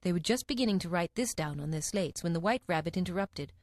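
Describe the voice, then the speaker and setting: A woman reads a storybook aloud with a very lively, sweeping pitch. Her voice sits mid-range and the recording is dry and close, with no room sound. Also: fast, no room sound. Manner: expressive, animated reading. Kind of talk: scripted story narration.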